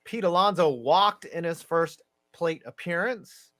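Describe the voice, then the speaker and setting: A man's voice: fairly high pitch, measured pace, fairly bright tone. A man co-hosting a casual baseball watch-along, rambling and laughing at his own jokes. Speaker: co-host.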